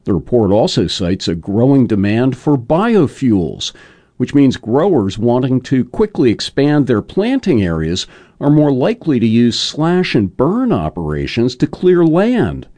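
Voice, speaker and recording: Man reading news with a sweeping, lively pitch. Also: a little slow, no echo. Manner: lively, sweeping newsreader delivery. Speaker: news reporter. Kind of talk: scripted news segment.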